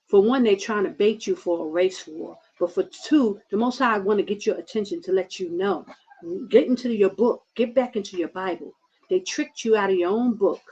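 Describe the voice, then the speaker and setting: Woman preacher, mid-pitched, fervent and repetitive, on dull lo-fi stream audio. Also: a little mellow. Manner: fervent and preachy, addressing listeners as brothers and sisters; repeats words and restarts often. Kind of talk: impassioned online sermon.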